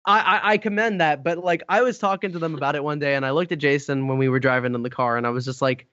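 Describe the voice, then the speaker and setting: High, bright young man telling stories. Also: fast talker, hardly any pauses, no echo, highs cut off. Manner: animated, acts out quoted voices, laughs often. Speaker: podcast guest, voice actor. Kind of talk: casual comedic storytelling.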